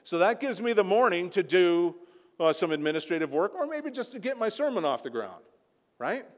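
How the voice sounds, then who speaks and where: A man preaching a sermon as a pastor, impassioned, rising to near-shouting peaks. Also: high voice, big pitch swings, moderate pace. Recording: long hall reverb.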